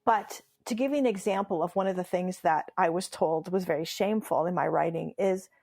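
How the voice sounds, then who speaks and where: An Iranian memoirist and humorist whose first language is Farsi tells stories in an animated interview, playful and emphatic and laughing often. Her voice is lowish and dark in tone, and she talks a little fast.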